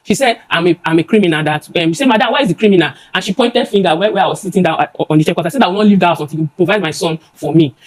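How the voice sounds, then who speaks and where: A young woman with a Nigerian accent giving emotional testimony before a judge, rushing and halting with many restarts and repeated words. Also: lowish voice, a little mellow, low-quality recording.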